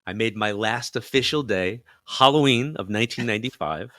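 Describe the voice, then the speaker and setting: Middle-aged guy telling a story in an interview, lots of "like", lowish voice, really dry sound. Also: fairly quick, no echo. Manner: animated storyteller who acts out quoted voices, many fillers. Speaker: psychic medium guest.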